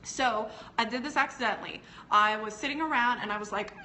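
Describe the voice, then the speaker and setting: A woman's voice: fairly high pitch, fairly quick, pushed and bright, a little hiss or hum. A woman teaching on a casual live stream. She talks in a chatty, digressive way, laughs often, and answers viewers' comments as they come in. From United States. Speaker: business educator hosting a live stream.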